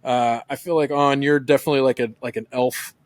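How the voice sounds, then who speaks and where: A podcast co-host with a middle-pitched voice recorded very dry, with no room sound at all. He rambles cheerfully and stacks up "like" as he thinks aloud. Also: fairly even intonation, quick pace, dry recording. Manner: enthusiastic, rambling, heavy on "like". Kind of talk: casual podcast chat.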